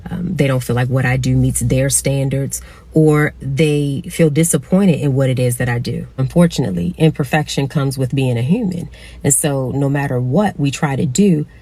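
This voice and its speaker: A motivational speaker talks in an earnest, direct way and encourages the listener. The voice is mid-pitched, with a mellow, dark tone. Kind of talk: motivational talk.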